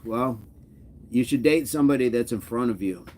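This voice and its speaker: A man's voice: medium pitch, normal speed, a little mellow, a little hiss or hum. A middle-aged man hosting a casual livestream, reading viewer comments in a jokey, easygoing way and chuckling between remarks. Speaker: livestream host.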